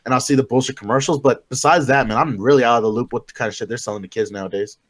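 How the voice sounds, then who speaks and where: A man's voice: mid-range voice, racing. A man from Florida co-hosting a live chat show, teasing the others in brash, profane casual talk.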